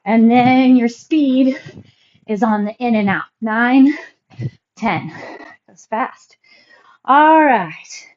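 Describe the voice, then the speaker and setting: A woman fitness instructor calmly cueing moves and counting reps through a workout class. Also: a little high, very slow, long pauses, muffled recording, a little hiss or hum. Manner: calm, encouraging cues and counting reps.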